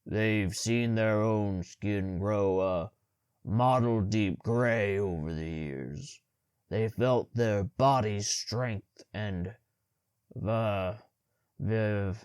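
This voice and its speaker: A man voicing a short-tempered male ruler with a deep, gravelly, hoarse voice, booming and stumbling over words as he reads aloud. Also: animated, normal speed, hardly any pauses, dry recording, clean studio sound. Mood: halting.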